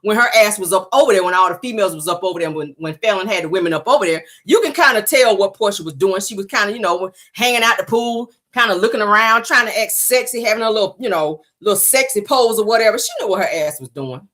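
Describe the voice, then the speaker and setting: A woman hosting her own gossip show, blunt, sassy and full of profanity. Her pitch swoops widely as she dishes her commentary. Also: animated, quick pace, hardly any pauses, a bit bright. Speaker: host.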